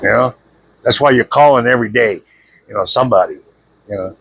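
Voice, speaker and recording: A man's voice: mid-range voice, a little fast, creaky, a bit bright, breathy edge. A man giving a blunt, confrontational spiritual monologue to his viewers, repeating himself and leaning on "you know". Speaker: spiritual video speaker. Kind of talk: preachy spiritual monologue to camera.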